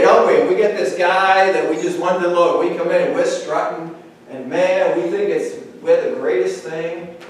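A man preaching a sermon as pastor, talking in a conversational, animated way and acting out little dialogues. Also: sits high. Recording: echoey hall, speaker far from mic.

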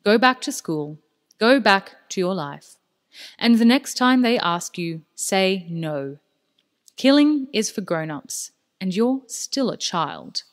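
A woman voicing a calm, cold male hired killer in an audiobook, speaking softly and reasonably. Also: mid-range voice, takes it slowly. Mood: cool. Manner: soft and reasonable. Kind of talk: audiobook character voice.

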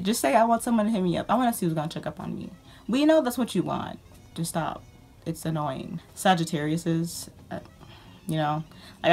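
A woman vlogger ranting about her pet peeves in a sarcastic, exasperated way. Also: sits low. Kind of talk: ranting casual monologue.

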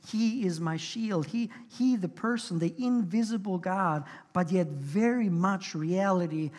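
A man's voice: sits high, a little slow, darkish tone, long reverb tail. A pastor delivering a sermon in an earnest, conversational way, often restarting his sentences. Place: church sanctuary.

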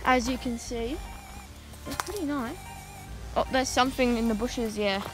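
A woman's voice: on the high side, normal speed, a bit bright, soft background music, rough recording. A woman vlogging outdoors on a farm, filming with a handheld phone and rambling casually with lots of ums. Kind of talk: casual vlog narration. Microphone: handheld phone camera.

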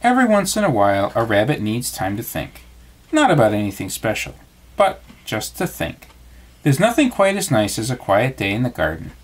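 A man voicing a fussy male rabbit who loves peace and quiet, in a bedtime storybook reading. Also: medium pitch, huge pitch swings, moderate pace. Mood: content. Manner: prim, cross, pleading.

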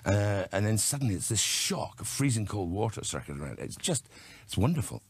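Male actor, low husky voice, wry storyteller. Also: very animated, a little fast, no room sound. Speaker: actor guest. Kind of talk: relaxed interview answers.

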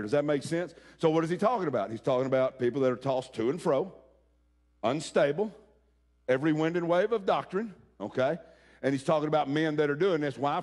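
A man preaching a sermon, talking folksy and direct with the congregation and rising to shouts. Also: fairly high pitch. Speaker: pastor.

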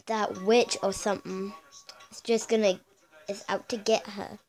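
A woman's voice: medium pitch, level tone, measured pace, a little mellow. A woman giving casual reaction commentary as a vlogger, chatty and exclaiming, often calling out to her viewers. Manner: chatty, exclaiming, keeps addressing viewers as "you guys".

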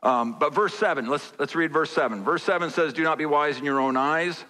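A man's voice: on the high side, a little fast, bright, forceful tone. A man preaching a sermon as pastor, conversational and repeating phrases for emphasis. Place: large church sanctuary. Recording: church hall reverb.

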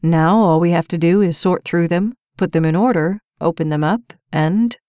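A steady, soft-spoken male firefighter, as a woman narrator voices him in a romance audiobook. His voice sits low and hushed, calm and quietly coaxing. It sounds close and dry. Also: normal speed, no room sound, lightly acted. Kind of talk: audiobook character voice.

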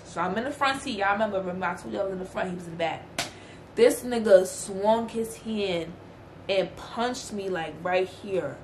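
A young adult woman telling a story in casual chat, animated and slangy, acting out what others said. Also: medium pitch, moderate pace. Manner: animated, slangy, acts out quotes. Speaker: guest sister. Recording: echoey room, faint noise.

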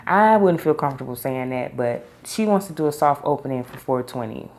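Low, mellow-voiced woman dishing gossip. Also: expressive, brisk. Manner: opinionated, gossipy, laughs often. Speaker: reality TV reviewer. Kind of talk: casual chat.

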